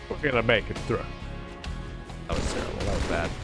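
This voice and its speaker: A man hosting a let's play, giving rambling, casual gameplay commentary full of swearing and excitable outbursts. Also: lowish voice, brisk, pauses often. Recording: game music in background.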